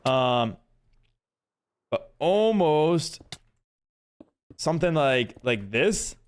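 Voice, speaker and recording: A man's voice: a little high, big pitch swings, drawn-out words, smooth. A man chatting with his live-stream viewers while gaming, rambling with many fillers and restarts and greeting viewers upbeat. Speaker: livestreamer and server host.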